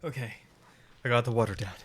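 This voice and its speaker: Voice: medium pitch, steady tone, fast, a bit bright, husky. A streamer voicing a game live, talking in a giggly, breathless, self-mocking way. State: in a laughing fit.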